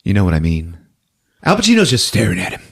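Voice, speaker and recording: A man's voice: lowish voice, huge pitch swings, gravelly, husky. Laughing man animatedly recapping a movie. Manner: laughs often, acts out movie lines in quick voices. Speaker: podcast co-host recapping a film. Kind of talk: animated casual retelling.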